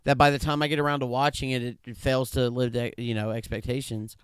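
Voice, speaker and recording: A man's voice: medium pitch, level tone, fast, smooth, no echo. A man co-hosting a podcast, talking in blunt, profane casual chat. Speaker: podcast co-host.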